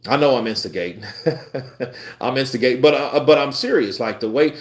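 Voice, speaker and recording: A man hosting a live boxing stream, chatting casually with his viewers in a blunt, profane, animated way. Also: mid-range voice, normal speed. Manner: animated, profane, talks back to chat. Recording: roomy echo.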